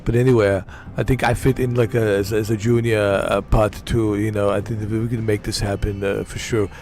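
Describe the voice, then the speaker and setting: A man's voice: on the low side, little pitch movement, a little fast, darkish tone, pitched below the performer's own voice, lightly acted. A man doing an impression of a boastful, aging male action-star bodybuilder, in a rambling, self-mocking way. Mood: playful boasting.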